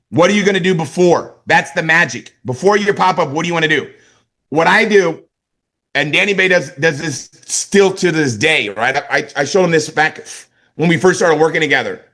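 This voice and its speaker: A man's voice: on the high side, a little fast, pushed and bright. Emphatic, punchy male sales trainer. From California. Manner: emphatic, repeats catchphrases, asks "right?" and "okay?". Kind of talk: energetic motivational talk.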